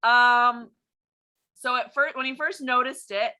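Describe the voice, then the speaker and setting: A woman with a fairly high, bright voice chats casually as a podcast co-host. She tells a news story in a relaxed way and laughs easily along the way. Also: unhurried. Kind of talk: casual chat.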